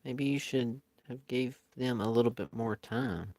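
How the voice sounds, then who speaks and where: A man's voice: medium pitch, unhurried, darkish tone, no room sound. A man chatting casually with his viewers as he draws live, in an easygoing, rambling way. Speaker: live-stream artist. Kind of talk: casual chat while drawing.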